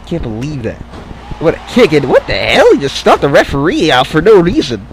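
Animated, excitable man calling the action. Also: a little high, fairly quick, slight background noise, poor audio. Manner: excitable, cursing, rambling off-topic asides. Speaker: play-by-play commentator. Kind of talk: casual wrestling-game commentary.

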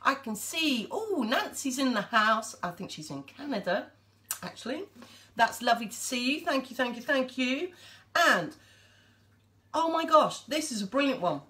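Chatty woman hosting a live stream, very animated pitch, talks straight to her viewers. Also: normal speed. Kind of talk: casual live-stream chat.

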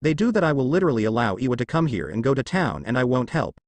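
A man's voice: mid-range voice, very animated, fast talker, no room sound. A man voicing a cold, domineering young male ninja who growls and speaks darkly, in a fanfic audio story. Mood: cold menace.

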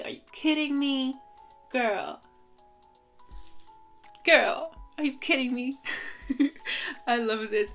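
A young woman vlogging a casual unboxing, bubbly and giggly, gushing with excitement as she goes. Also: fairly high pitch. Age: young adult.

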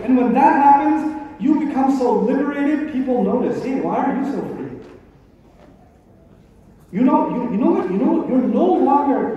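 A man's voice: extremely high pitch, dark tone, distant mic, slight background noise. A man giving a live religious talk to an audience, speaking emphatically with rhetorical questions and repetition. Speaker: Islamic speaker. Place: large event hall. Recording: echoey hall recording from afar, dull.

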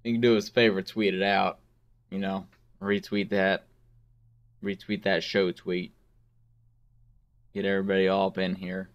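A man's voice: deep voice, flat delivery, normal speed, long pauses, dull audio. A man chatting casually with viewers and his co-host during a game stream. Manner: casual, chatty, fillers and restarts.

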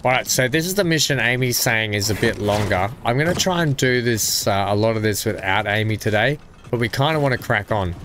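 A man's voice: fairly low pitch, expressive, a little fast, noisy background. A man chatting casually on a live game stream, greeting viewers by name and poking fun at himself. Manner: chatty, self-deprecating, talks to chat by name. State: coughing, something in throat. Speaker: gaming streamer.

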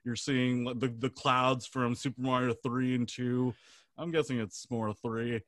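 A man hosting a gaming podcast over a video call, chatty, rambling and quick to laugh. His voice sits at a mid pitch, and the sound is dry with little room. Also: little pitch movement, fairly bright tone, no room sound. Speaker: podcast host. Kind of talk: casual chat.

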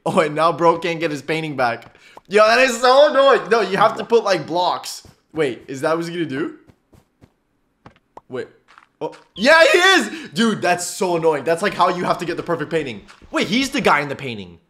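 A man giving casual reaction commentary on a cartoon, excitable and slangy, laughing often. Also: a little high, moderate pace.

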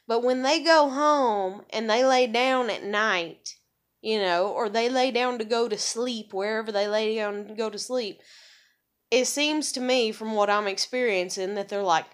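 An American woman ranting in a vlog, angry, profane and rambling, her voice jumping high when heated. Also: measured pace, fairly bright tone. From USA. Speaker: vlogger. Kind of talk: ranting monologue.

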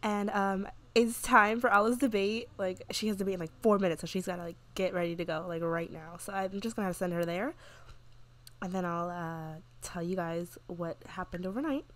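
A woman's voice: fairly low pitch, moderate pace, a bit bright. A woman hosting her gaming channel, chatting casually and gushing about her game character, with lots of "like" fillers. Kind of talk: casual gameplay commentary.

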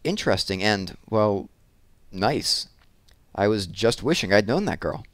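A man's voice: fairly low pitch, animated, unhurried, a bit bright, no room sound. A man voicing a polite, curious ten-year-old girl with an earnest, wide-eyed manner, in an audiobook reading.

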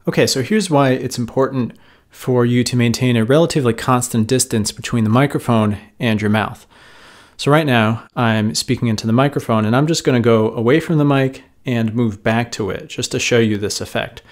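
A man teaching how to record a voice, explaining calmly in a closet set up as a recording booth and speaking into a studio microphone. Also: mid-range voice, brisk, reverberant. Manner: calm, explanatory, demonstrating as he goes. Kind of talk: instructional tutorial.

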